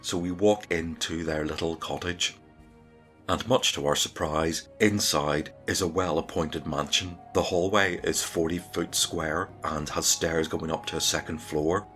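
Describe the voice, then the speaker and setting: A man narrates his solo tabletop game in a relaxed, chatty way. His voice is very low, and soft music plays faintly behind him. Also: normal speed. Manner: relaxed, conversational storytelling.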